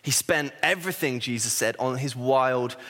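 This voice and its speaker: A man, an assistant pastor giving a sermon, telling a self-deprecating story in an animated way. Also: medium pitch, moderate pace. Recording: reverberant hall.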